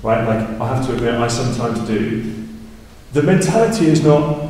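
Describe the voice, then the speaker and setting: A man's voice: normal speed, dark tone. A man preaching a sermon and explaining scripture in a conversational way, often asking "right?" and lifting his voice for emphasis. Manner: rises in pitch and volume for emphasis. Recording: far from the mic in a big echoey hall.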